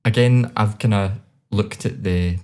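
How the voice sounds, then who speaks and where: Chatty Scottish man with a low voice. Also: a little slow. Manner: relaxed, chatty, many fillers and restarts. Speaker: podcast co-host. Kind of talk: casual chat.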